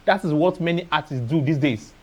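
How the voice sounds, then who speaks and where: A man's voice: a little high, fairly quick, darkish tone. A man with a Nigerian accent giving a motivational seminar talk as an artist, telling stories and slipping into Pidgin phrases. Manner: storytelling, acting out dialogue, dropping into Pidgin phrases.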